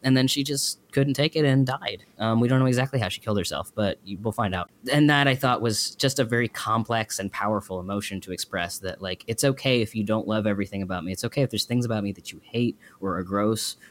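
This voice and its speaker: A man co-hosting a podcast, chatting casually in an animated, rambling and emotional way. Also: on the low side, fast, hardly any pauses. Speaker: podcast co-host. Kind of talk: casual chat.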